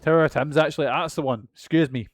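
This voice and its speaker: A man's voice: a little high, fairly even intonation, quick pace, soft background music. A Scottish man streaming a game, rambling and chatting casually while swearing now and then. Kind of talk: casual gameplay chat.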